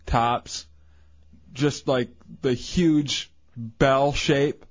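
A man co-hosting a radio show, telling crude stories and ribbing his partners. His voice is mid-pitched and the sound is dull and slightly lo-fi. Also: fairly even intonation, extremely slow. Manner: crude storytelling, teasing. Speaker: radio co-host. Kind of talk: casual radio banter.

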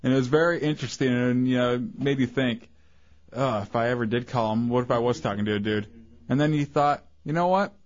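A man's voice: medium pitch, a little fast, muffled recording. A male radio co-host in casual banter, telling crude stories and teasing the others.

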